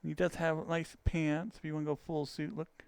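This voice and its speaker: A man's voice: on the high side, flat delivery, moderate pace, vocal fry, darkish tone, clean tone, dry recording. A man streaming, chatting casually with viewers, rambling and laughing often as he loses his train of thought. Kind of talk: casual livestream chat with viewers.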